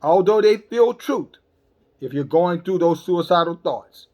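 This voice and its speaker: A man's voice: high voice, expressive, measured pace, dark tone. A man preaching a sermon in a blunt, emphatic, scolding way, often repeating words as he stumbles. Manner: scolding, calls listeners sisters and brothers.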